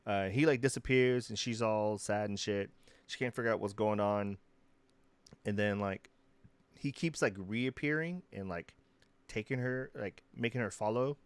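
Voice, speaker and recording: A young man, co-hosting a casual podcast chat and rambling through animated retellings. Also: on the low side, moderate pace, clear, resonant tone, no echo. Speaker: podcast co-host.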